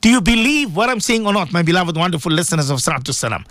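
A man's voice: sits high, very animated, rapid-fire, hardly any pauses, a bit bright, dry recording. A man, preaching on the radio and repeatedly appealing to his listeners with rhetorical questions. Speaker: radio presenter and Islamic preacher. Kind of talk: radio sermon talk.

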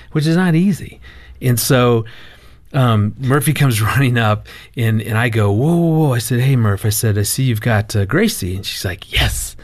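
A middle-aged man, a marriage counselor guest, telling a family story in casual talk, animated with halting restarts. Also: mid-range voice.

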